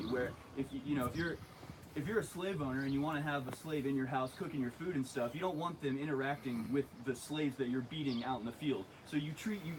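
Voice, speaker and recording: Guy co-hosting, earnest and steady, lots of uhs, noisy stream audio. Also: medium pitch. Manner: earnest, steady explaining with many fillers. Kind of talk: casual studio commentary.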